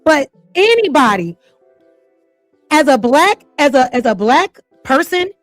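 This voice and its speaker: A woman's voice: sits high, no room sound. A woman hosting casual reaction commentary, talking in a blunt, profane and heated way and firing off rhetorical questions. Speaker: host.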